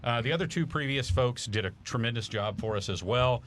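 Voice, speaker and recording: A man with a medium-pitched, brisk voice appears as a guest on a podcast, where he is a charity founder. He tells an enthusiastic story casually, using lots of fillers. There's a slight hiss or hum in the recording.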